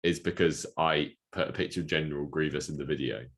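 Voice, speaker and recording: A man's voice: very deep voice, fast. A man co-hosting a casual movie podcast, dry and teasing in a laid-back way. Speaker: podcast co-host.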